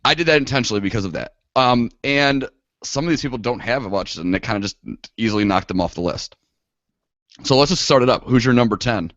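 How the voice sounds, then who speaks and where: A man's voice: mid-range voice, fast talker, fairly bright tone, no echo. A young man co-hosting a podcast, talking in a laid-back casual way with lots of fillers. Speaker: podcast co-host. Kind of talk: casual chat. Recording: dull lo-fi dry sound.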